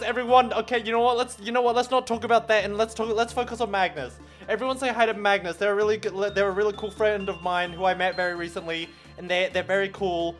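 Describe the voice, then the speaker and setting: A high-pitched man talking casually on a live gaming stream, tripping over his words and restarting them. He swears freely and laughs at himself, with faint music in the background. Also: fairly even intonation, fast talker, few pauses, a bit bright. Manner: stammering, restarts words often.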